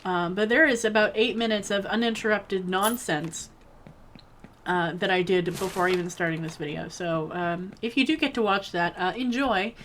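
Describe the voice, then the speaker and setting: A woman's voice: medium pitch, moderate pace, a bit bright, slight background noise. A woman giving casual, rambling commentary while playing a video game, talking to herself and to the characters on screen with playful, jokey outbursts. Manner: jokey mock-bossy outbursts. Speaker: gaming video creator.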